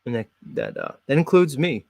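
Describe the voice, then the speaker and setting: A man's voice: mid-range voice, wildly swooping pitch, brisk, creaky, darkish tone, dry recording. A man hosting a show in a casual, mocking, blunt comedic rant. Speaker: host.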